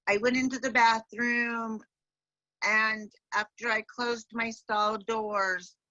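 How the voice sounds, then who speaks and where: A woman, a deafblind entrepreneur, giving a convention talk with animated storytelling and voiced quotes. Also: medium pitch, no echo, muffled recording. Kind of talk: storytelling speech. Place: home, remote convention talk.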